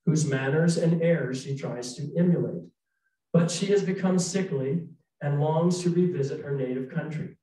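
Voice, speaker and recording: A man's voice: mid-range voice, mellow. A man giving a casual public history talk, telling stories and reading aloud from old journals. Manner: conversational storytelling, reads from old journals. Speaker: historical storyteller. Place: arts center hall. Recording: very echoey hall from far off.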